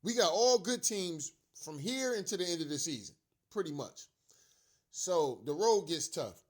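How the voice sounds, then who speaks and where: A man's voice: high-pitched, animated, moderate pace. A young man, a fan commentator, delivering a heated, profane rant about his team's loss, repeating himself for emphasis.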